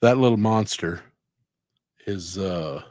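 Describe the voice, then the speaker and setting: A man's voice: low-pitched, slow pace, a little mellow, dry recording, clean studio sound. A middle-aged man, a tattoo artist, chatting casually and rambling on a livestream, with frequent swearing. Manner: rambling, laid-back, swears freely.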